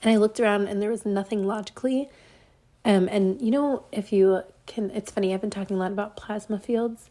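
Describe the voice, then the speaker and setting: A woman's voice: medium pitch, steady tone, normal speed, warm tone, no room sound. Dreamy rambling woman channeling a message. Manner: rambling, dreamy, many fillers like "like" and "um". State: congested and stuffy. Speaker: spiritual channeler. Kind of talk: casual spoken channeling message. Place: outdoors at dusk.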